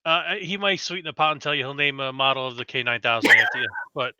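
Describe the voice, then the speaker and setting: A man co-hosts a casual show, briefly reading out viewer questions. His voice is bright and sharp, with a fairly high, lively pitch. The sound is dry and a little dull. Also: fast talker, clean tone, dry recording. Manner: reads out chat questions briefly. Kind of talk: casual chat.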